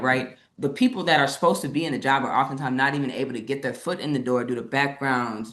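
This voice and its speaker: A woman's voice: rumbling low, fairly bright tone. A woman co-presenting an online session over a video call, speaking passionately and emphatically and often tagging her points with "right?". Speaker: webinar co-presenter. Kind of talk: live online presentation discussion.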